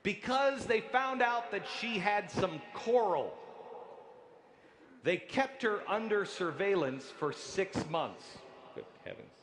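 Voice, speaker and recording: A man giving a sarcastic speech at a convention, incredulous and building to shouts. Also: high voice, lively intonation, slow, slight background noise. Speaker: speaker at a convention.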